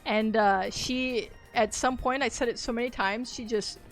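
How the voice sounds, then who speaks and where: A woman's voice: a little high, steady tone, moderate pace, faint music behind. A woman streaming a game, chatting casually and rambling, laughing easily as she plays. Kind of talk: casual gaming livestream chat.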